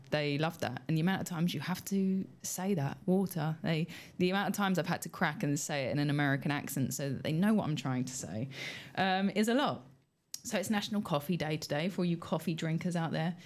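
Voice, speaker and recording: Low-voiced British woman radio host. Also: fast talker. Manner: chatty, lots of ums, light laughs. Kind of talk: casual radio chat.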